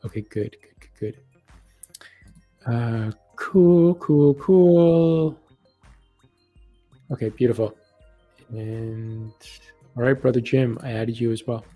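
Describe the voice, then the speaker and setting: A man hosting a live online reading, talking casually with warm affirmations and many restarts. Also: mid-range voice, slow, long pauses, phone-quality sound, soft background music. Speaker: psychic reader hosting a live event.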